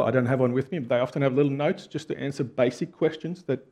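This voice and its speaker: A man preaching a conversational sermon, earnest and full of rhetorical questions. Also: medium pitch. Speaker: pastor.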